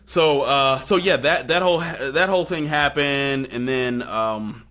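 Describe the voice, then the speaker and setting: A young man hosting a podcast, casually telling a story and acting out quotes in excited high bursts. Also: measured pace, slight background noise. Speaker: podcast host.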